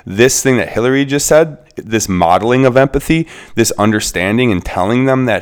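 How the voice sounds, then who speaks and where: Speaking briskly with few pauses, this thirtysomething podcast co-host uses a low, clear, resonant voice to explain child behavior. His parenting talk is conversational, and he reasons through points aloud.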